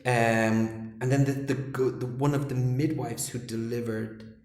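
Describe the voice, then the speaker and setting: A man's voice: medium pitch, unhurried. A man with an Irish accent, a podcast guest in casual chat, telling stories with many stammered restarts and acting out what people said. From Ireland. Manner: animated storyteller, stammering restarts, acts out voices. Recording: echoey room.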